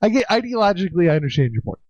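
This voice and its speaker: A man's voice: sits high, big pitch swings, very fast, darkish tone, no echo. Man, casual podcast banter, laid-back, cursing, dry close sound. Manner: laid-back, swears, keeps asking "you know what I'm saying". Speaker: podcast co-host. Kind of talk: casual chat. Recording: dull lo-fi podcast audio.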